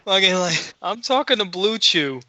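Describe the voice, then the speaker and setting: A man co-hosting a podcast, telling a story in casual chat, excitable and full of swearing. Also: sits high, moderate pace, no room sound. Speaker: podcast co-host.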